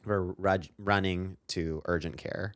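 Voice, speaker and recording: A man with a low, smooth, resonant voice co-hosts a comedic podcast. He tells a story in a rambling, self-mocking way, full of ums and asides. The close mic sounds dry and intimate. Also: steady tone, unhurried, dry recording. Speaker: podcast co-host.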